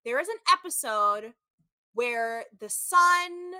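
A woman's voice: fairly high pitch, takes it slowly, dry recording. A woman in her thirties chatting casually as a podcast co-host, telling stories animatedly, packed with "like" and acted-out quotes. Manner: animated storytelling, frequent "like", acts out quotes. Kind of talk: casual chat recapping a reality show.

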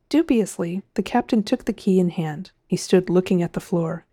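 A woman reading a science fiction story aloud in a measured, expressive way. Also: lowish voice, dry recording, studio quality. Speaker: narrator. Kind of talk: audiobook narration.

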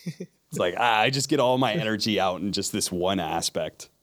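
A man's voice: lowish voice, animated, normal speed, fairly bright tone. A man who works as an esports play-by-play caster, chatting casually and animatedly in an interview, laughing often.

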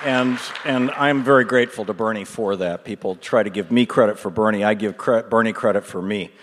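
A middle-aged man, a radio host, telling a rambling, animated story with many fillers and laughs at a live event in a large hall. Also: lowish voice, a little fast, crowd noise, noisy background. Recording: long hall reverb.

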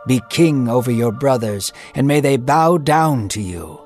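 A man's voice: medium pitch, animated, measured pace, darkish tone, natural voice. Man doing a solemn old blind patriarch, declaiming, stern, faint music, storybook reading.

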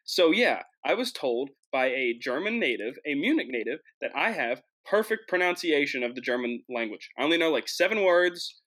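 Bright-voiced young man telling a travel story. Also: on the high side, normal speed, few pauses. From United States. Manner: animated, jokey, frequent restarts. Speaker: host. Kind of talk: casual storytelling monologue.

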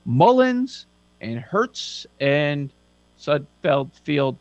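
Brief: male betting-show host, a bit high-pitched, sarcastic, dry booth with faint hum. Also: very animated, no room sound, dull audio. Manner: sarcastic, lists facts quickly. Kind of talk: casual sports betting chat.

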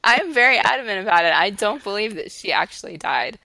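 A woman co-hosting a casual podcast chat, talking in an animated, emphatic way and laughing often. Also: medium pitch, quick pace, creaky, dry recording. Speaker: podcast co-host.

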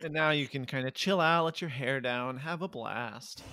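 A man's voice: medium pitch, moderate pace, heavy background noise. A man co-hosting a comedy podcast, chatting casually with wry humor and frequent laughter. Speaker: podcast co-host.

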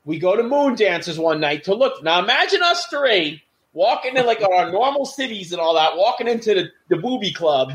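Speaking at normal speed in a high-pitched voice, this middle-aged man, once a wrestler, shares backstage anecdotes in a casual chat. He voices the people he quotes with lively animation.

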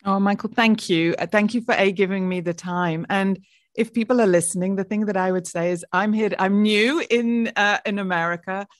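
A woman's voice: mid-range voice, steady tone, moderate pace, no echo. Woman, British accent, executive guest, upbeat polished talk, dry close recording. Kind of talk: interview answers.

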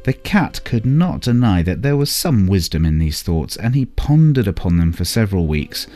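A man reads a bedtime story aloud in a calm, unhurried way. His voice sits very low, and faint instrumental music runs underneath.

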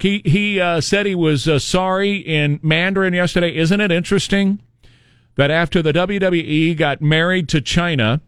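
A man's voice: fairly high pitch, smooth, no room sound. A man hosting an opinionated commentary monologue from the United States, sarcastic and mocking, full of rhetorical questions. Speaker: political commentary host.

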